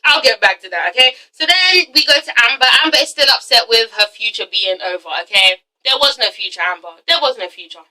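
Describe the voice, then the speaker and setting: A sassy woman recapping reality TV, swearing freely and punctuating everything with "okay?". Her voice is high and piercingly bright, and she sits some distance from the mic. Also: lively intonation, fairly quick, few pauses. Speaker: reviewer, channel host. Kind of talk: casual profane TV-recap vlog.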